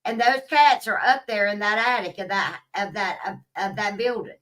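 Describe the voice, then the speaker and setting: Woman vlogger, casual rant, bright and slightly high, swears freely, distant from the mic. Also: normal speed. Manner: profane, blunt, rambling.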